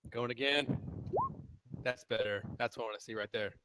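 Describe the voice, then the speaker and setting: A man of ordinary pitch playing a tabletop game. He talks softly, half under his breath, muttering reactions as he rolls his dice. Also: moderate pace, smooth. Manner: quiet, mutters while rolling dice. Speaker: player. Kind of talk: casual tabletop game chat.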